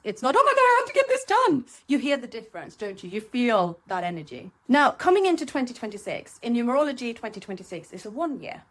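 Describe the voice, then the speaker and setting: Candid woman hosting a podcast. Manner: candid and animated, voice jumps high when acting out her own thoughts. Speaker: podcast host. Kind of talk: reflective solo podcast talk. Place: seated at home.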